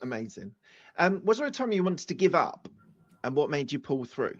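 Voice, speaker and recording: Man, interview host, enthusiastic short reactions, animated pitch, dull lo-fi sound. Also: normal speed. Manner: brief enthusiastic reactions and questions. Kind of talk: casual interview.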